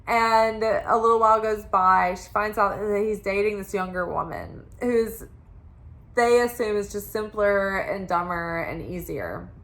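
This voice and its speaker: A woman's voice: medium pitch, bright, forceful tone. A woman giving a casual tarot reading, chatty and full of "like" fillers. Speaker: tarot reader.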